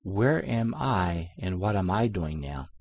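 A man reading the words of Jesus in a calm, gentle, measured way. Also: deep voice, breathy edge, dry recording, heavily acted. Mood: calm, reassuring. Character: Jesus, calm gentle male divine speaker.

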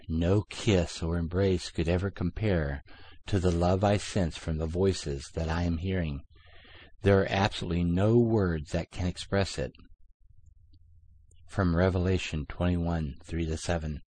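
Man with a very low voice reading out a dream story, slow and solemn. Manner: deliberate, solemn reading with even pauses. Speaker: narrator recounting a dream. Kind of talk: scripted narration.

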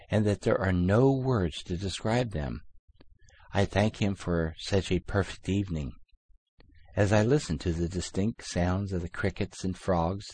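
A man narrating a dream account in a deliberate, solemn reading. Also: low-pitched, darkish tone. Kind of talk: scripted narration.

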